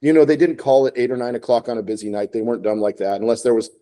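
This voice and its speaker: A man's voice: medium pitch, steady tone, very fast, mellow. A man co-hosting a podcast, casually telling bar stories and acting out phone calls. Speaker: podcast co-host, bartender. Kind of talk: casual storytelling chat.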